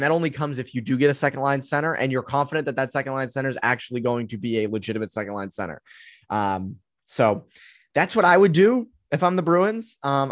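A man's voice: medium pitch, no room sound, clean studio sound. A man in his twenties hosting a solo sports podcast, talking casually and opinionatedly with many fillers as he answers listener questions. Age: 20s. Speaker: podcast host.

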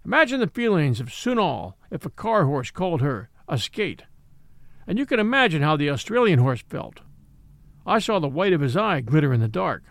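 A man narrates a classic animal story and tells it expressively. His voice sits fairly high and moves about a lot in pitch. The recording is close and dry. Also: big pitch swings, moderate pace, gravelly, fairly bright tone, no echo. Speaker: audiobook narrator. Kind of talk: storybook reading.

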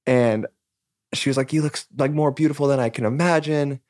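Quick, chatty male guest who acts out quoted lines as he rambles through a story. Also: medium pitch, fairly even intonation, darkish tone, no echo, studio quality. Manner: rambling, filler-heavy, acts out quoted dialogue. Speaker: podcast guest, musician. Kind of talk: casual storytelling interview.

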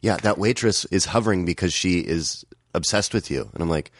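A man's voice: deep voice, lively intonation, a little fast. A man who is a comedian, guesting on a podcast and telling rambling anecdotes full of fillers. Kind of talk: casual chat.

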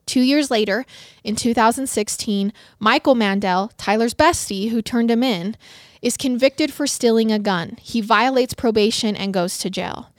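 A woman narrates a true crime case for her podcast, earnest and emotionally invested in the victims. Her voice sits a little high. The sound is dry and close, with no room around it. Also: moderate pace, no echo. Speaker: podcast co-host.

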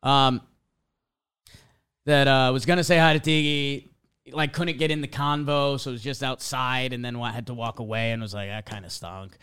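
A man's voice: mid-range voice, normal speed, clean tone. A young man telling a casual story as a podcast host, acting out little quotes as he goes. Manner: animated storytelling, acts out quotes.

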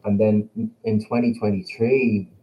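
A man's voice: lowish voice, flat delivery, unhurried, a little hiss or hum. A man from Ireland with an Irish accent, a band member talking as a guest in a blunt, profane, confident way. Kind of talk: casual interview chat. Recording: slightly dull, lo-fi sound.

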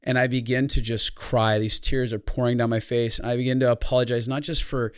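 A man's voice: medium pitch, level tone, a little fast, smooth, no room sound, studio quality. A man speaking as a guest on a podcast, telling a reflective personal story in an earnest tone. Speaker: podcast guest, life consultant. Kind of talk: podcast interview conversation.

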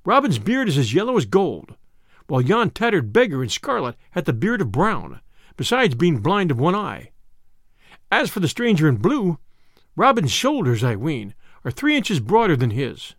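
A man's voice: a little high, wildly swooping pitch, moderate pace, no echo, studio quality, heavily acted. A man voicing a plain-spoken man-at-arms in a storybook reading, in archaic, matter-of-fact speech.

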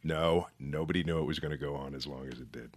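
A man's voice: very deep voice, fast talker. A middle-aged man, an actor being interviewed, telling stories in a rambling, self-deprecating way. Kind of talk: casual interview chat.

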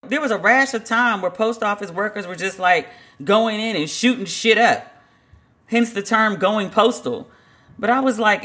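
Woman podcast host, sharp bright tone, casual storytelling monologue, chatty and incredulous. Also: medium pitch, animated, normal speed. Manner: chatty, lots of "like" fillers, incredulous asides.

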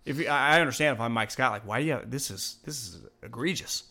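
A man's voice: mid-range voice, fast, bright, forceful tone. A man co-hosting a casual sports podcast, rambling and swearing freely and laughing between points. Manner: rambling, profane, laughs often.

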